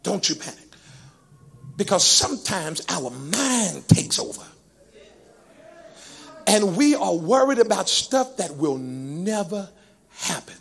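Male pastor, very high voice with a gritty, husky texture, rhythmic church-service sermon. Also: big pitch swings, slow pace, long pauses. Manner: rhythmic preaching that swings between hushed talk and sung, shouted peaks.

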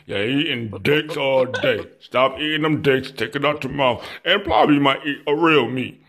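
A man's voice: mid-range voice, moderate pace, fairly bright tone. A man in casual chat, out of breath, boasting and firing off trash talk at the others.

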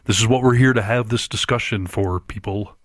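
A man's voice: fairly low pitch, brisk, dry recording. A man co-hosting a podcast, making his points in an emphatic, argumentative casual chat, close to the mic. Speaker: podcast co-host.

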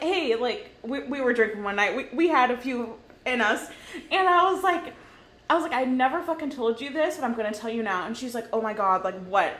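A woman in her twenties co-hosting a podcast, swearing freely through an animated casual story. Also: a little high. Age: 20s. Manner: swears constantly, animated retelling. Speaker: podcast co-host. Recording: echoey room with faint noise.

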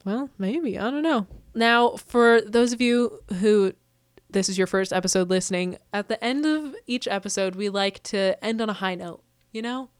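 A woman's voice: mid-range voice, moderate pace, hardly any pauses, clean tone, no echo, studio quality. A woman co-hosting a podcast in casual chat, telling a story with lots of fillers and laughs. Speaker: podcast co-host.

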